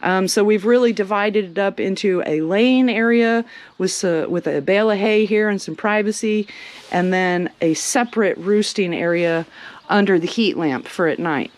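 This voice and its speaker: A woman chatting casually as she walks through her homestead showing the animals, sometimes cooing at them in a high sing-song. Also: normal speed. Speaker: homestead vlogger. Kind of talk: casual walking tour vlog. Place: outdoors on a homestead among animals.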